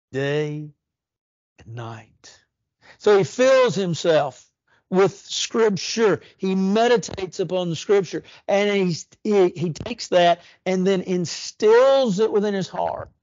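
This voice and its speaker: With earnest conviction, a preacher delivers a sermon in church, lengthening key words and pushing his voice upward to stress them. His slightly high voice has a darkish tone, and the close, dry recording comes across a little dull and muffled.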